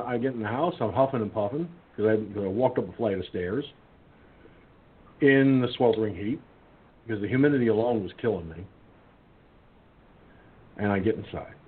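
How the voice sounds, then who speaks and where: A man's voice: fairly low pitch, brisk, pauses often, husky. A man hosting a casual radio talk show, telling a rambling story full of restarts and acting out his friends' lines. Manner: rambling storyteller, many restarts and fillers, acts out quoted friends. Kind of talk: casual call-in radio chat. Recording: tinny phone-line sound.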